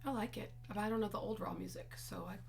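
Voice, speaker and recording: A woman's voice: mid-range voice, fast talker, gravelly, a little mellow, a little hiss or hum. A young woman co-hosting a casual show, playful and teasing, laughing easily. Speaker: co-host. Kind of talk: casual chat.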